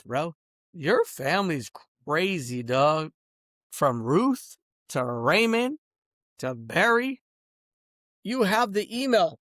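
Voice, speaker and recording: A man's voice: a little high, a bit bright, dry recording, clean studio sound. A middle-aged man in an angry, rambling vlog rant, swearing and ending sentences with "bro" and "dog". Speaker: vlogger.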